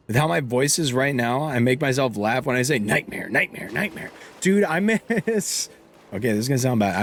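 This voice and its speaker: A young man streaming a game live, chatting casually and rambling, breaking off mid-sentence and laughing often, with hiccups. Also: mid-range voice. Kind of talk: casual live-stream chat while gaming.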